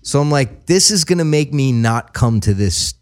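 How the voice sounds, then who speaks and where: Profane, animated male storyteller. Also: medium pitch, normal speed. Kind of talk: casual chat.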